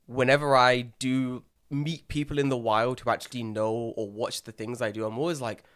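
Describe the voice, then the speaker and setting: A young man co-hosting a podcast, telling animated stories, swearing freely and acting out what people said. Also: mid-range voice, moderate pace, hardly any pauses, clear, resonant tone. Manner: animated storyteller, swears freely, acts out quotes. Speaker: podcast co-host. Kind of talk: casual chat.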